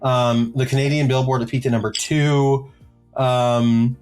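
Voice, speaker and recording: A man's voice: mid-range voice, flat delivery, a little slow, a little mellow, clean tone. A man co-hosting a music podcast, casually reading out chart positions with lots of filler and joking asides. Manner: jokey, rambling, many filler ums. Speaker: podcast co-host.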